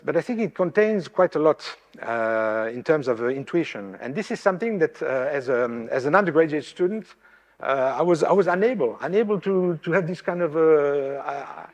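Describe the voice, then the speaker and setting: A man from France giving a public lecture as a professor, halting with many fillers and restarts, with dry self-deprecating humour. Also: on the high side. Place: lecture hall. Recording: long hall reverb.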